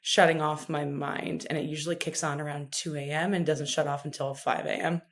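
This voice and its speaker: A woman's voice: deep voice, flat delivery, fairly quick. A woman hosting a podcast, asking thoughtful questions with self-deprecating asides. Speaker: podcast host. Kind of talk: interview questions, casual chat.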